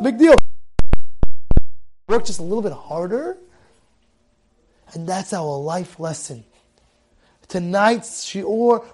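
Man, very high voice, Torah class teacher, animated storyteller, repeats phrases.

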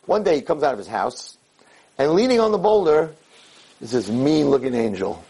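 A man lecturing and telling a parable in an animated way, mixing in Yiddish words. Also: fairly high pitch, normal speed, slightly rough, low-quality recording. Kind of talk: storytelling sermon.

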